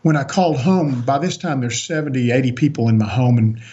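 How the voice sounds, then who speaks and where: A man's voice: mid-range voice, a little fast, dark tone, muffled recording. A man on a podcast as a guest, earnestly recounting a personal story with frequent restarts.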